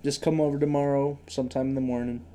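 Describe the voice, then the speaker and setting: A man's voice: mid-range voice, level tone, quick pace, dark tone, slight background noise. Laughing, stammering young man. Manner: laughs often, stutters on k- sounds, swears a lot. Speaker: podcast co-host. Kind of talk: casual chat.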